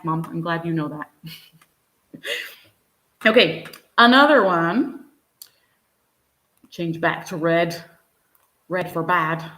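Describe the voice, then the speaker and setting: A woman's voice: on the low side, fairly bright tone. A woman teaching English in a live online lesson, patient and encouraging, answering viewers by name. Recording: roomy echo.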